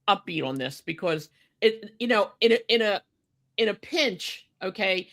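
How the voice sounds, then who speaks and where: A woman's voice: on the low side, a bit bright. A woman co-hosting a podcast, chatting casually and getting indignant about a wrestling match, with lots of fillers and restarts. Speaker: podcast co-host.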